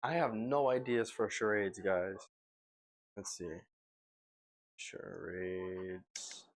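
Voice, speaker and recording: A man's voice: lowish voice, very slow. A young man talking loosely on a livestream in a joking, slangy way. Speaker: streamer. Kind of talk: casual livestream chat.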